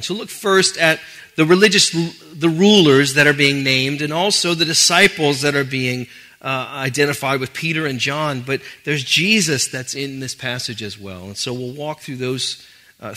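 A man preaching a sermon as pastor, conversational with animated asides. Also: mid-range voice.

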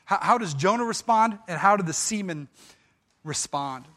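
A man preaching a sermon, walking through a scripture passage with animated storytelling and frequent restarts. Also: high voice, moderate pace. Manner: animated storytelling with dramatized quotes. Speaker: pastor.

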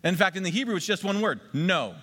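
A man preaching a sermon as pastor, emphatic and repeating key phrases slowly for the congregation. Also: high voice, big pitch swings, pushed and bright. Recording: long hall reverb.

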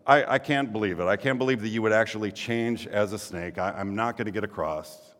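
A man's voice: on the low side, a little fast, a bit bright, long reverb tail, close to an everyday voice. A man voicing a nervous, wary little male mouse who protests anxiously, told as a fable in a sermon.

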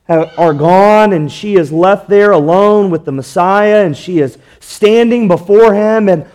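A man's voice: high-pitched, measured pace, darkish tone. A man preaching a sermon, earnest, asking rhetorical questions and drawing out key words for emphasis. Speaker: pastor.

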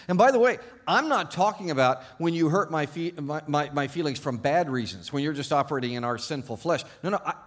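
A male pastor preaching a sermon to his congregation, telling stories with animated, self-deprecating humor and playful irony. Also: medium pitch. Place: church service before a congregation.

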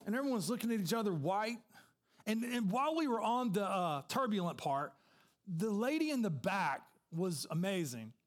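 A man's voice: high-pitched, big pitch swings, normal speed. A man preaching a sermon as a pastor, telling a personal story in a conversational way with asides to the congregation.

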